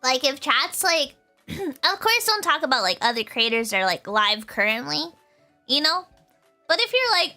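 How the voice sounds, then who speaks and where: Here a young woman streams an easygoing chat at a moderate pace, her voice sitting high with faint music in the background. Giggly and bubbly, she reacts to viewer comments in a lively, playful way, laughing often.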